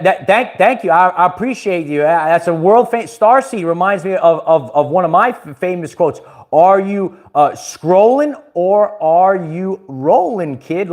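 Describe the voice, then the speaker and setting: A man hosting a casual livestream, rambling, restarting words and laughing often. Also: sits high. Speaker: livestream host.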